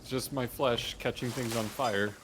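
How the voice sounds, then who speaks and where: A man in casual gaming chat with a dry, deadpan way of joking. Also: medium pitch, normal speed, background noise. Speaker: guest gamer.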